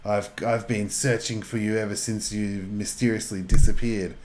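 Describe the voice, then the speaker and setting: A man's voice: fairly low pitch, flat delivery, normal speed, a little mellow, close to an everyday voice. A man voicing a stern, accusing male hare soldier in a tabletop game.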